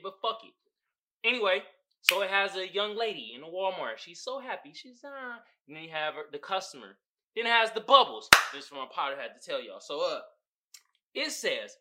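Lively bright-voiced man hosting a podcast. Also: a little high, moderate pace. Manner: animated, profane, laughs often. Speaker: podcast host. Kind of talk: casual comedic commentary.

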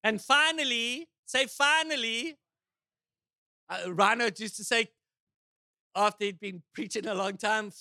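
A male pastor preaching a sermon in a church, animated and joking, with rhetorical questions to the congregation. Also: sits high, measured pace, long pauses.

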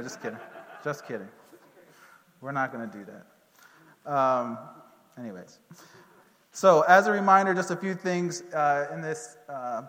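A man giving a casual Bible lesson to a group, relaxed and joking, with many fillers and restarts. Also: fairly high pitch, big-room sound. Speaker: teacher.

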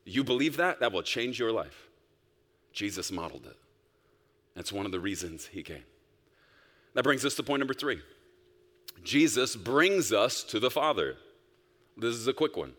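A male pastor preaching a sermon, emphatic, swinging between loud bursts and soft, quiet stretches. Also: on the low side, big pitch swings, normal speed, pauses often. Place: church sanctuary. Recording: long reverb of a large hall.

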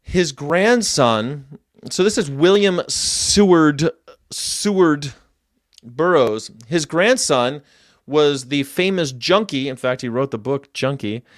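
A man's voice: on the high side, animated, takes it slowly, no room sound, studio quality. A man hosting a casual livestream, rambling and chatty as he reacts to viewer comments and tells history tidbits. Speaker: host.

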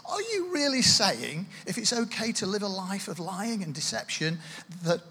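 A man's voice: high-pitched, moderate pace, slight background noise. A man preaching a sermon, chatty and self-deprecating, with asides to the congregation. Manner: conversational, self-deprecating, lively with asides and laughs. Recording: echoey hall, distant reverb.

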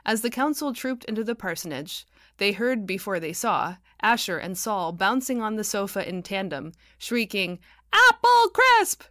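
A woman author narrating her own novel as an audiobook, wry and expressive. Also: medium pitch, normal speed, dry recording, clean studio sound.

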